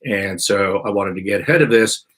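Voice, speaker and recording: A man's voice: lowish voice, normal speed, fairly bright tone, husky. A man hosting a live stream, telling a complaint story in an exasperated, rambling way while his throat keeps catching. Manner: exasperated, rambling ranting with restarts. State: irritated throat, clearing it often. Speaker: podcast host.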